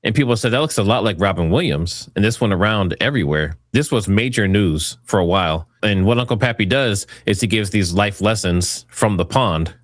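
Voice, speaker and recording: A man's voice: lowish voice, expressive, fairly quick, hardly any pauses, no room sound, studio quality. A man hosting an online commentary video, speaking in a casual, speculative, repetitive way. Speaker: commentary host.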